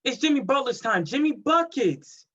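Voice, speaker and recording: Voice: sits high, lively intonation, moderate pace, bright, forceful tone, exaggerated voice. An actor playing an easygoing young man who talks in casual slang, read over a video call. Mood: laid-back. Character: laid-back young man rooting for underdogs. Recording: dull lo-fi mic.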